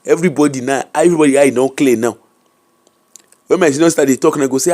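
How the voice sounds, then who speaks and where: A woman with a Nigerian accent, an interview guest telling a personal story candidly, animated and emphatic, slipping Pidgin and Yoruba into her English. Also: extremely low pitch, quick pace.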